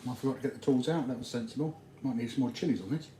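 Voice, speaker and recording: A man's voice: mid-range voice, very fast, warm tone. A man hosting a casual livestream, rambling and chatting to viewers while he eats and works on his RC cars. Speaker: RC hobby livestream host. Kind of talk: casual livestream chat reading comments. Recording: echoey room with faint noise.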